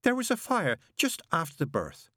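A man's voice: a little high, huge pitch swings, moderate pace, fairly bright tone, dry recording, clean studio sound, pitched above the performer's own voice, full character voice. Entranced ex-nun read by a man, hollow and distant. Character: dazed middle-aged woman, former nun, hollow.

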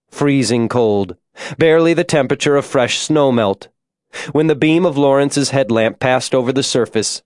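A man reading a story aloud in a measured, descriptive way, his voice sitting at an ordinary male pitch. The recording is dry and close, with no room echo. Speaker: audiobook narrator. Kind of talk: scripted narration.

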